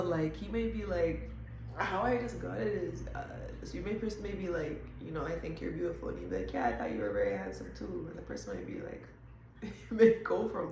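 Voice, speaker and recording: A woman hosting a casual intuitive reading, talking straight to viewers in a chatty, animated way with quick asides. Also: medium pitch, reverberant, noisy background. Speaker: host.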